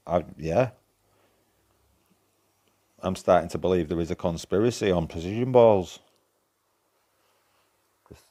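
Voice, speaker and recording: A man with a broad Yorkshire accent chats casually with viewers as he streams a game, swearing freely and trading banter. His voice sits low and is a little mellow.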